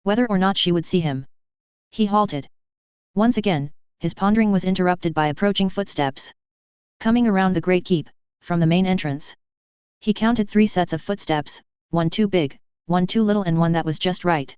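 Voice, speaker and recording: A woman narrates a story in a steady, even way. Her voice sits low and is very smooth. The recording is dry and a little dull, like lo-fi audio. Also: normal speed, no room sound. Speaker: fan fiction reader.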